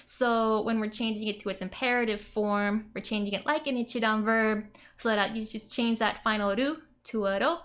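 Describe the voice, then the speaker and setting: A woman's voice: on the high side, fairly even intonation, moderate pace, a bit bright. A woman explaining Japanese grammar in a casual lesson, chatty and giggly, with many "like" and "um" fillers. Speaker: Japanese language teacher.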